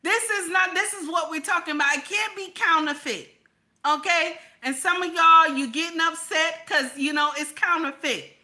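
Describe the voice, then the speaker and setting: A woman hosting a live reaction stream, her voice high and ringing bright. She talks in an emphatic, chatty way, repeating her points and calling out to viewers. The delivery is loose and conversational. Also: normal speed. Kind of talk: casual reaction commentary.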